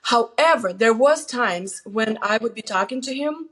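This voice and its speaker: A woman's voice: on the high side, expressive, unhurried, a bit bright. Earnest middle-aged woman giving advice. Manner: earnest, plain-spoken storyteller giving advice. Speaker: guest, host's mother. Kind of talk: casual conversation.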